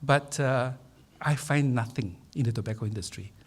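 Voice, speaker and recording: A man, hosting a public talk and introducing the speaker in measured, hesitant remarks with many fillers. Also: mid-range voice, husky. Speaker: event host introducing speaker. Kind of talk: formal opening remarks.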